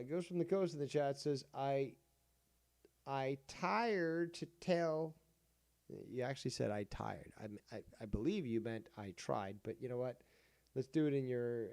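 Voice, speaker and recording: A man's voice: medium pitch, dark tone, clean tone, dry recording. A man hosting a livestream, rambling in casual commentary with lots of fillers and swearing. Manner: rambling, profane, many fillers. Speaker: livestream host.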